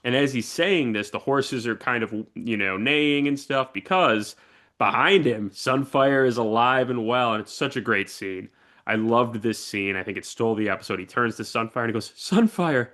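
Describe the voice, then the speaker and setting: A man co-hosting a podcast in casual chat, animated as he retells scenes. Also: mid-range voice, moderate pace. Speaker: podcast co-host.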